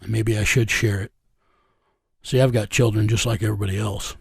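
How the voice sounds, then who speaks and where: A middle-aged man telling a personal story in an interview, slow, earnest and plain-spoken. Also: on the low side, steady tone, gravelly, husky, dry recording, clean studio sound. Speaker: interview guest. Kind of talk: reflective storytelling.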